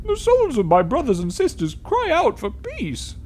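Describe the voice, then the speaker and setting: Wrathful ghost guardian of a crypt, very high and swooping, grand and booming, put on by a man reading a game aloud. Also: wildly swooping pitch, a little mellow, slight background noise, heavily acted. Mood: solemn. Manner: booming, pompous, drawn-out proclamations. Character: wrathful male guardian spirit of a tomb.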